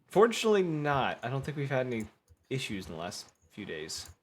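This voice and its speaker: A man plays a tight-lipped clerk behind a counter in a tabletop game, offhand and brief, with a voice that sits at an ordinary middle pitch. He brushes off questions with short, guarded answers. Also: huge pitch swings, a little fast, slight background noise. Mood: reassuring.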